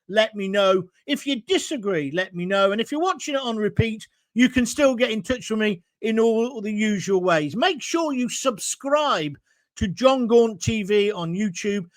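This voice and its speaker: A man's voice: very high-pitched, animated, normal speed, no echo. A middle-aged man hosting a live political commentary show, combative and emphatic, reading out viewer comments and pushing back. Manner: combative, emphatic, rising to near shouts.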